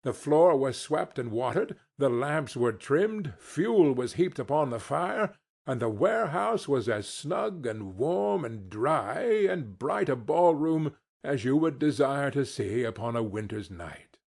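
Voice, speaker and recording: A male audiobook narrator reads a classic story at a slow, deliberate pace. His pitch moves a lot, and his voice has a slightly husky edge. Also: very animated, a little mellow. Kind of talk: scripted narration.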